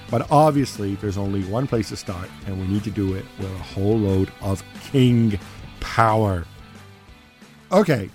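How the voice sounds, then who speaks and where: Low-voiced male podcast host, drily sarcastic. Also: warm tone. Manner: plays devil's advocate, dryly sarcastic. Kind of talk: studio football debate. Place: studio.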